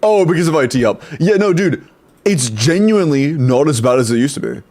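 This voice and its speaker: A man's voice: on the high side, expressive, a little mellow. Casual young man streamer chatting. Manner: chatty, greets chat rapidly, swears casually. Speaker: streamer reviewing game accounts. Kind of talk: casual live stream chat.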